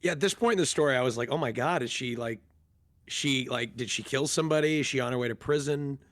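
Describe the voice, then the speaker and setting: A man's voice: mid-range voice, quick pace, a bit bright. A man on a stream cutting in with joking asides while his co-streamer tells a story. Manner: joking interjections from the side. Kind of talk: casual chat.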